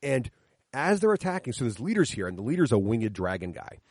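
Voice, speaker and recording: A middle-aged man talks enthusiastically about running tabletop games for his children, walking through the rules one step at a time. His delivery is quick, with lively swings in pitch. The sound is dry and close. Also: husky, no room sound. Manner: enthusiastic, explains rules step by step, acts out players' lines. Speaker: podcast guest explaining his tabletop games with kids. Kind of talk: animated storytelling chat. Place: coffee shop, sit-down chat.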